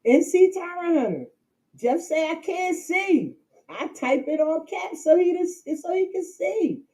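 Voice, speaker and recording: A woman's voice: very high-pitched, expressive, a little slow, warm tone, low-quality recording. A woman hosting a casual livestream from home, talking straight to her chat, laughing often and repeating herself. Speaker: livestream host.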